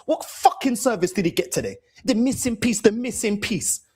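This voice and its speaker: A man's voice: sits high, wildly swooping pitch, moderate pace, few pauses, a little mellow, slightly rough. A man hosting a football fan channel, ranting furiously after a match, swearing and switching between Portuguese and English. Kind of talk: angry post-match rant.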